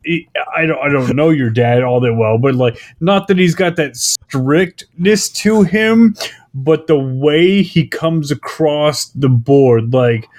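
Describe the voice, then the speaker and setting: A man in casual podcast banter with a voice a little above average pitch. He talks bluntly and swears constantly. His delivery is rough and offhand. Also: slow pace, a little mellow. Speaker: podcast host. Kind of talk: casual group chat.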